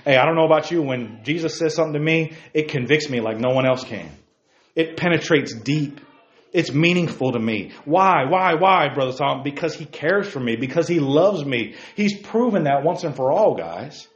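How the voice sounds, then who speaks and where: A man's voice: fairly high pitch, expressive, moderate pace, echoey room, lo-fi sound. A man preaching a sermon to young men, with repeated calls of "hey guys" and sudden emphatic peaks.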